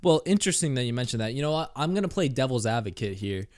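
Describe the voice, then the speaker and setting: A man's voice: mid-range voice, big pitch swings, quick pace, darkish tone, dry recording. A man co-hosting a laid-back podcast, talking sports in a chatty, rambling way. He builds his case with lots of fillers. The sound is dry and close. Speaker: podcast host. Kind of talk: casual sports chat.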